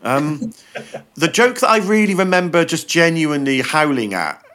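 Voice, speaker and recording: A man's voice: fairly high pitch, moderate pace. A man chatting on a podcast, telling long jokes and acting out the characters in them. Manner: animated storyteller acting out joke characters. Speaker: podcast guest. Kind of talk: casual chat.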